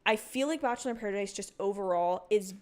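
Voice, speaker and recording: A young woman streaming a cozy video game, chatting casually with her viewers, rambling with lots of fillers and breaking into excited outbursts. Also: mid-range voice, fast. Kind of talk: casual livestream chat while gaming.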